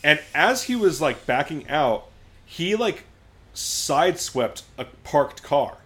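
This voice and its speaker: Animated man telling a story. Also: a little high, takes it slowly. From Southern California. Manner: animated storyteller, acts out quotes in a raised voice. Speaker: podcast co-host. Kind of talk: casual chat, storytelling.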